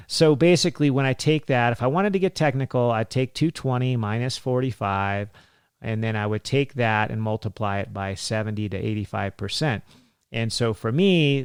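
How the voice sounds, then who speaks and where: A man's voice: medium pitch, clear, resonant tone, dry recording, clean studio sound. A man in his forties hosting a health podcast, talking casually with lots of fillers and laughs. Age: 40s. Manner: chatty, laughs often, many fillers. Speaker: physician podcast host.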